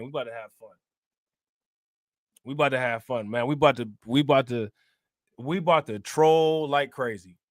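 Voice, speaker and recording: A man with a medium-pitched voice hosts a crypto livestream as a casual chat, joking, laughing and using slang. He keeps saying "you know what I'm saying." The sound is dry and clean, like a studio.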